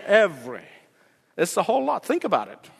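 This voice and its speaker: Man preaching, high voice, swooping animated delivery, emphatic repetition, long hall reverb. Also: brisk, creaky, slightly rough. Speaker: pastor. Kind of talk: sermon.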